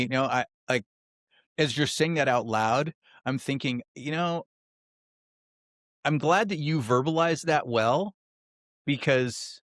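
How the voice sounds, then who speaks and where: A man's voice: mid-range voice, fairly bright tone, no room sound, clean studio sound. A man hosting a podcast interview, chatty and affirming, with rambling questions. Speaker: podcast host. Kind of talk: casual interview chat.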